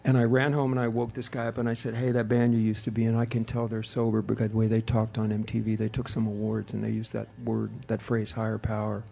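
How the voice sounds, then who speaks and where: A middle-aged man with a gravelly, creaky edge to his voice tells his recovery story to a room of listeners. He talks in a lively, storytelling way and acts out the voices of the people he quotes. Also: lowish voice, quick pace, few pauses. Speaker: AA speaker. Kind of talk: recovery meeting talk, storytelling. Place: hotel meeting room before an audience.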